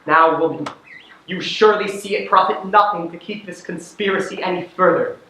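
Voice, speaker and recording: A teenage actor on a school stage playing a stern male judge who questions in a measured, commanding way. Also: high voice, pushed and bright. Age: late teens. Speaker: student actor. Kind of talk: stage acting in a school play. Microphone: distant camera in the audience. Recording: echoey hall from far off.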